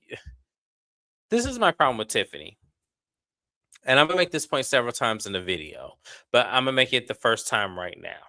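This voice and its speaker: A man hosting a casual reality TV recap, blunt and animated, full of slang. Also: lowish voice, no echo. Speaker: reality TV review host.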